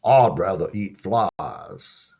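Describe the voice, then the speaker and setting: A man's voice: sits low, lively intonation, very slow, vocal fry, warm tone, breathy edge, heavily acted. A man doing an earnest little frog prince. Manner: earnest, polite.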